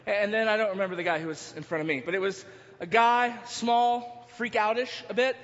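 A man preaching a sermon, telling a story in an animated way, now and then breaking into yelling. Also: sits high, fairly quick. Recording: dull sound, long hall reverb.

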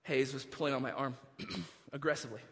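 A man preaching a sermon as pastor, moving between hushed storytelling and impassioned, near-shouted preaching. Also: mid-range voice, fairly even intonation, fast, big-room sound.

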